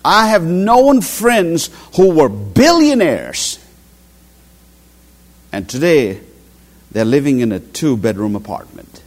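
A man's voice: a little high, slow, long pauses. A middle-aged man preaching a sermon, telling stories and acting out quotes. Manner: animated storytelling with acted quotes.

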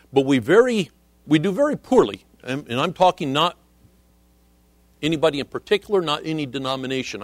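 Earnest higher-voiced man preaching. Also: no echo. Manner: earnest, measured preaching with scripture quotes. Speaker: missionary preacher. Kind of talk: sermon.

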